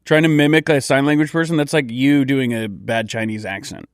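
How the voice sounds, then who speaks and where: A man co-hosting a podcast, chatting casually and joking in an animated way. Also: medium pitch, a little fast, dry recording, studio quality. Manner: animated, jokey. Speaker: podcast co-host. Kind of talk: casual chat.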